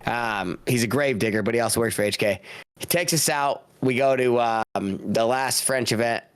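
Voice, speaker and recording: A man's voice: medium pitch, normal speed, clear, resonant tone, dry recording. Guy rambling thru wild stories, swears a lot, dead dry mic sound. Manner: rambling, profane, laughs through stories. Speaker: podcast guest, paintball player. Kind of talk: casual storytelling.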